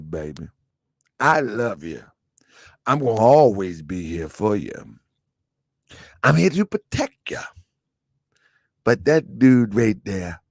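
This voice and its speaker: A man voicing a gentle father softly talking his daughter out of a bad romance, slow and hushed. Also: on the low side, dry recording, clean studio sound, voice pushed down, heavily acted. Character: soft-spoken loving father soothing his daughter.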